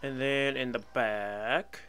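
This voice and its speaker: Bright-voiced young man commenting on gameplay. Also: mid-range voice, steady tone, takes it slowly, smooth, soft background music. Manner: casual, wry and resigned, laughs at himself. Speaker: gaming channel host.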